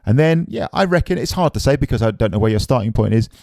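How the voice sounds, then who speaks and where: A man giving a relaxed, chatty drum lesson, often tossing in "man". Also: medium pitch, fast talker, creaky, no room sound. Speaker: drum teacher. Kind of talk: casual spoken drum lesson.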